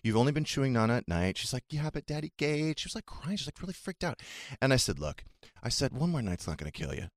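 A man co-hosting a radio talk show, chatting casually and telling animated stories with quoted dialogue. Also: mid-range voice, fast talker, no echo, clean studio sound. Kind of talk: casual chat.

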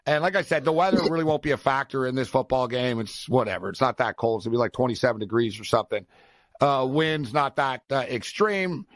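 A man's voice: medium pitch, fast talker, no echo. A man hosting a sports talk show, chatting casually and joking between betting picks. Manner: joking storyteller, lively banter.

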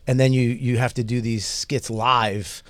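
A man's voice: mid-range voice, flat delivery, measured pace, a bit bright. A man with an ordinary mid-range voice hosts a comedy podcast in a chummy, profane way and laughs easily. His mic is close and dry, with no room echo. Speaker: podcast host. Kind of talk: casual podcast chat.

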